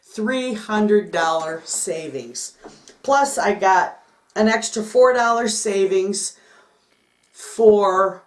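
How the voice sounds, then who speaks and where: A middle-aged woman vlogging about her homestead, telling a story to the camera in an excitable, chatty way. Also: medium pitch, drawn-out words. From Michigan, United States. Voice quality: chatty, excitable, repeats "I said" often. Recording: echoey room.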